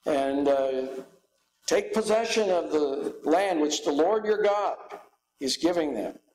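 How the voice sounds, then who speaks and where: A guest pastor, a man, preaching a sermon in a church, slow and halting with frequent fillers. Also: a little high, lively intonation, a little mellow, low-quality recording.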